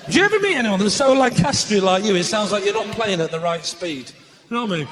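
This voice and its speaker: Man, Northern English accent, stand-up comic, high and bouncy voice, theatre stage with audible crowd noise. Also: lively intonation, a little fast. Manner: bantering with the audience, sudden loud outbursts. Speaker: stand-up comedian. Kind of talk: live stand-up comedy. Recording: live theatre recording with audience noise.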